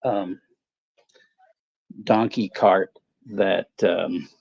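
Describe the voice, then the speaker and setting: A man co-hosting a casual movie watch-along stream, telling stories in a halting, rambling way full of fillers. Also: low voice, steady tone, vocal fry, a little mellow, slightly rough. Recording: dull lo-fi stream audio.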